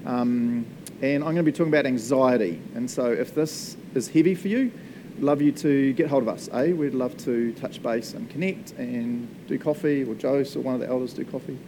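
A man preaches in a relaxed, conversational way, cracking small jokes and laughing at them. His voice sits in an ordinary middle pitch. A faint low rumble runs underneath the recording. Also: moderate pace. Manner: chatty, jokey, laughs often, asks the room "eh?". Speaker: pastor. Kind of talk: casual sermon.

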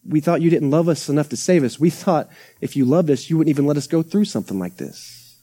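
A man's voice: a little high, expressive, brisk, dark tone. A young adult man, a pastor preaching a conversational sermon with acted-out quotes and asides. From Texas. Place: church sanctuary.

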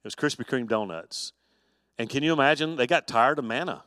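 A man's voice: mid-range voice, fairly quick, no room sound, studio quality, big-room sound. Folksy pastor man teaching Bible study. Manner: folksy, animated storytelling with humor.

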